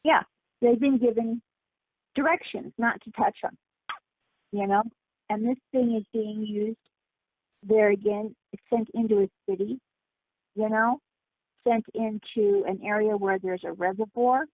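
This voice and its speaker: Woman guest, emphatic storyteller, raspy voice on a tinny phone line. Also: medium pitch, fairly even intonation, unhurried, long pauses, no room sound. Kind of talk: casual phone interview.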